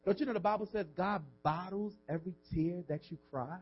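A man preaching a sermon as pastor, swinging between hushed, tender passages and loud, drawn-out emphasis, with frequent "come on" asides to the congregation. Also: high voice, slightly rough, faint music behind. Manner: preaching with rising and falling intensity, call-and-response asides. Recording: dull lo-fi audio.

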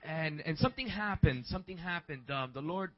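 A young male pastor preaches with a fairly high voice, talking casually and rambling before building into shouted emphasis. The recording is dull and muffled, like lo-fi church audio. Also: lively intonation, brisk, dry recording. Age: 20s. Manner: conversational, rambling, rising to shouts. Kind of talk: sermon.

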